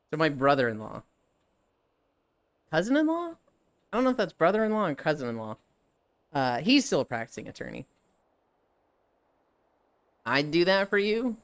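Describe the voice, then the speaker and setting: Streamer, casual rambling chat, foul-mouthed and quick to laugh, lively pitch. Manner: rambling, swears freely, laughs often. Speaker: live streamer.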